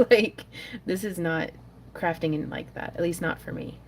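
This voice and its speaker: A middle-aged woman hosting a crafting livestream, chatting casually and muttering soft asides to herself while she works. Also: lowish voice, a little slow, a little hiss or hum.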